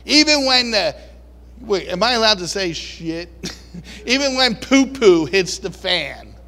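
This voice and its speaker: A man preaching a sermon in a folksy, animated way, now and then acting out voices and shouting. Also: high-pitched, takes it slowly. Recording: long reverb of a large hall.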